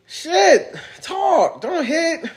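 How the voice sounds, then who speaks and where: A man's voice: very high voice, sing-song, voice pushed up, full character voice. A man playing his touchy, whiny ego self. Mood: upset. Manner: suspicious, whiny, quick to take offense. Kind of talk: comedic self-dialogue sketch.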